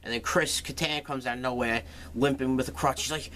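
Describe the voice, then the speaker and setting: A man's voice: medium pitch, big pitch swings, moderate pace, noisy background. A man recapping a film's plot in a casual, sarcastic way, swearing freely as he goes. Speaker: movie reviewer.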